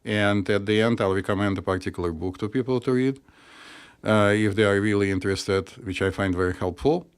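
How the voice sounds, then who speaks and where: A man's voice: lowish voice, fairly quick, clear, resonant tone. A middle-aged man with a Russian accent, co-hosting a casual chat and joking wryly as a psychiatrist. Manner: wry, joking, slightly non-native phrasing. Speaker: podcast co-host, psychiatrist.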